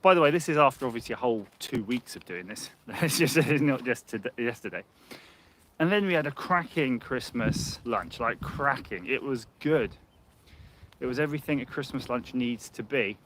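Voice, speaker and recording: His expressive, fairly bright medium-pitched voice moves at normal speed over slight background noise. The man is a livestream host walking a muddy outdoor path, phone in hand, chatting casually, rambling and laughing a lot.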